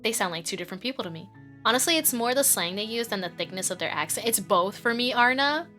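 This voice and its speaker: A woman's voice: medium pitch, expressive, fast, sharp tone, soft background music. A woman streamer chatting casually while playing, rambling, giggling often and swearing freely. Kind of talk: casual live-stream chat.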